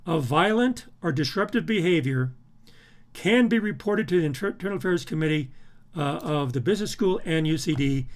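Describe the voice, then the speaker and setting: A male university professor walking through a course syllabus, emphatic, with frequent restarts and repeated words. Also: a little high. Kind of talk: recorded syllabus walkthrough.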